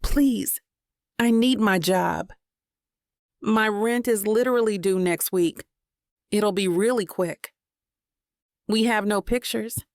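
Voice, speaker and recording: A woman's voice: medium pitch, slow, long pauses, darkish tone, no room sound, clean studio sound. A woman voicing an anxious young event planner who pleads and apologizes. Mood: pleading.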